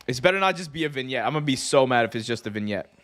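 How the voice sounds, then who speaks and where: A man hosting a live wrestling watch-along, talking in an excitable, slangy way and laughing often. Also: mid-range voice, racing. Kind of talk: live reaction commentary.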